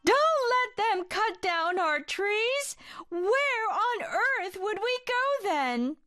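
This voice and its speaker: A woman voicing worried songbirds in a storybook, pleading in a high voice. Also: big pitch swings, slow, bright, forceful tone, no room sound, clean studio sound, heavily acted.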